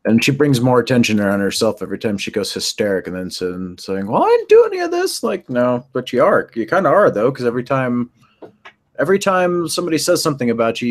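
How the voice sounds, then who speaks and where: A man appearing as a guest on a live stream, chatting casually and laughing easily, often hedging with "I mean.". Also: medium pitch. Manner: easygoing, laughs, hedges with "I mean". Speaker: podcast guest. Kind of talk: casual chat.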